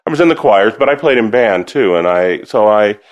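A man who sings, telling stories about his musical upbringing in a casual interview, animated and quick to laugh, acting out the voices he quotes. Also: lowish voice, lo-fi sound. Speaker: singer and musician, interview guest.

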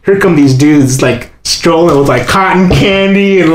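A man telling a long personal story in casual chat, acting out the people he quotes by jumping to a much higher voice. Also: a little slow, slight background noise. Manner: animated, acts out quoted voices in a high pitch. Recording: echoey room with faint ambience.

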